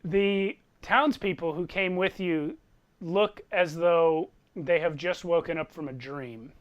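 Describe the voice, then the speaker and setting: A man's voice: fairly high pitch, slow, muffled recording. A man who is the game master, narrating a tabletop game with vivid, descriptive storytelling over an online voice call.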